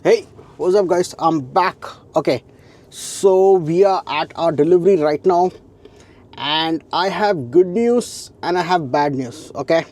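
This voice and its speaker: A man's voice: on the high side, measured pace, noisy background. A young adult man vlogging casually from his truck cab, talking in a rambling, chatty way with many fillers and restarts. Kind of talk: casual vlog chat.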